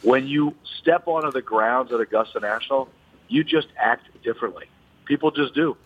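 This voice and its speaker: A man phoning in to a radio show as a golf reporter, telling stories in a lively, animated way. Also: mid-range voice, moderate pace. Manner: animated storyteller. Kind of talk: casual radio chat. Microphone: telephone. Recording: tinny phone line.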